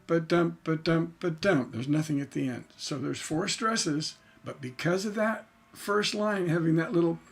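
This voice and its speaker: A man's voice: on the high side, breathy edge. A man teaching songwriting in a livestreamed lecture, explaining syllable stress by tapping out rhythms aloud.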